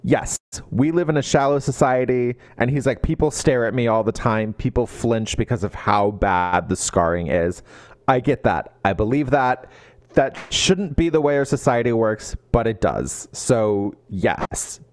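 An animated man chatting casually on a book podcast. His pitch rises and falls widely as he slips into quick voices for the characters he quotes, then drops back to his plain talking voice. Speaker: podcast co-host.

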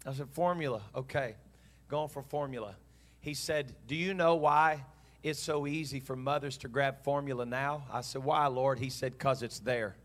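A man preaching to his congregation in an earnest, heartfelt way. He tells the story by acting out both sides of a conversation, and his pitch sits in an ordinary middle range. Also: normal speed, fairly bright tone. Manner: earnest storytelling preacher, voices God and himself in dialogue. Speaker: pastor. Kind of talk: sermon.

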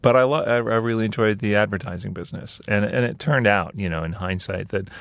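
A man's voice: on the low side, a little fast, vocal fry, dry recording. A middle-aged man from Scotland, a guest in an interview, talking with dry, self-deprecating wit. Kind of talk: casual interview talk.

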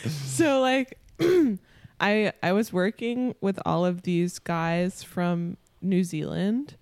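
A woman's voice: lowish voice, slow pace, clean tone, no echo. Chatty young woman, dry sound. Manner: rambling storyteller, heavy "like" fillers. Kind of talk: casual chat.

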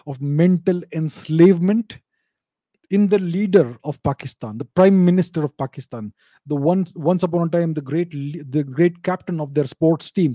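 Opinionated man, dark dry voice. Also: fairly high pitch, no room sound. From India. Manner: opinionated, repeats and restarts words. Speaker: commentator. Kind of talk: casual spoken commentary.

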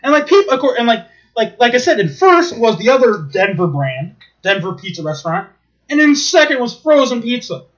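Rambling, swearing man with a bright voice. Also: very high voice, brisk. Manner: rambling, profane, animated storytelling. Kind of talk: casual chat. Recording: dull lo-fi recording.

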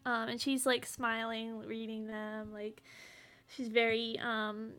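A woman's voice: on the high side, monotone, takes it slowly, fairly bright tone, smooth. A woman co-hosting a podcast, casually retelling a movie plot with lots of fillers and laughter. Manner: chatty, laughing, many fillers. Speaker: podcast co-host. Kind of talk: casual chat recapping a movie.

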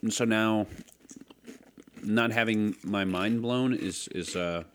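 A man's voice: lowish voice, slow pace, slight background noise. A man co-hosting a casual podcast chat, with dry, laid-back banter. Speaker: podcast co-host.

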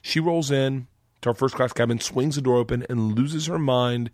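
A man in a comedic podcast interview, telling a story in an animated, profane way. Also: mid-range voice, no room sound, studio quality. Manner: animated, profane, fast-building punchlines.

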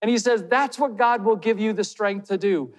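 A man's voice: sits high, normal speed. A man preaching a sermon as pastor. He speaks earnestly and puts direct questions to his listeners. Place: church hall. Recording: long hall reverb.

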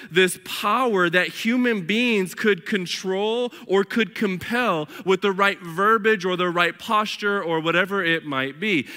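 Male pastor, high bright voice, emphatic sermon with casual slang asides, long church reverb. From northern United States. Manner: emphatic preaching, addresses the congregation as beloved and family. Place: church sanctuary.

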